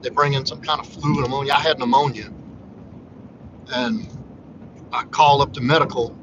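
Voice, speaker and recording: A man's voice: medium pitch, fairly even intonation, normal speed, a bit bright. A man hosting a casual livestream monologue, talking in a blunt, profane, preachy way. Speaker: livestream host. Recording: muffled lo-fi audio with background noise.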